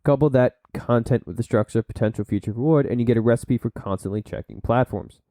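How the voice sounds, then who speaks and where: Dark-voiced man reading from his notes. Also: medium pitch, fast talker, no room sound. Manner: reads sources aloud, then breaks off into blunt asides; slips into silly put-on voices. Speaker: podcast host. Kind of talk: solo podcast monologue, reading and commenting.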